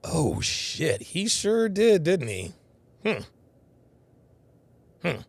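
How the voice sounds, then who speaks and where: A man's voice: a little high, extremely slow, gravelly, breathy edge, dry recording. A man hosting a live reaction commentary, talking emphatically and repeating himself for stress. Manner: animated, repetitive emphatic phrasing. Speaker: host.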